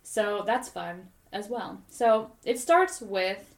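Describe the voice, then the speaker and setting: A woman telling a long, animated story in casual podcast chat, rambling and full of "like". Her pitch sits in a middle range. The recording sounds roomy and echoey. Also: slow. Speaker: podcast co-host.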